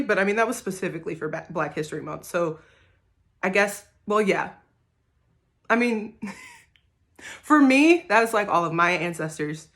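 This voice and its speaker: Talking casually to the camera, a singer-songwriter with a medium-pitched voice speaks softly and rambles, filling her speech with hesitant fillers.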